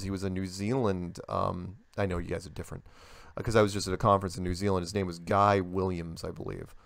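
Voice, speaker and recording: An older man, a guest in a casual interview, telling stories in an animated way and acting out the voices he quotes. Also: lowish voice, creaky, no room sound.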